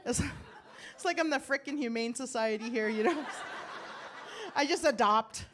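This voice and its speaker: Brief: older woman comic, higher-pitched voice, rambling self-mocking stand-up, coughing, handheld mic on stage. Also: normal speed, fairly bright tone. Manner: rambling, self-deprecating, laughs at own jokes. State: coughing from bronchitis. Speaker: stand-up comedian. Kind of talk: stand-up comedy set. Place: comedy club stage.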